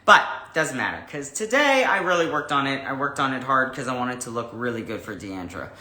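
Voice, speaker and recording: A man hosting a livestream, greeting viewers and chatting in a rambling, animated way before an interview. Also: medium pitch, a little fast, roomy sound. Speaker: host. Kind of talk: casual livestream chat.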